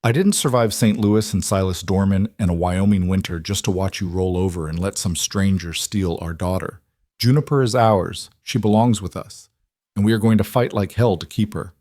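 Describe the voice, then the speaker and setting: A determined young frontier wife speaks with urgent passion, voiced by a male narrator. Her lines sit above his normal pitch and stay close and dry. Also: moderate pace, a little mellow, no echo, close to an everyday voice. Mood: fierce. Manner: impassioned, urgent.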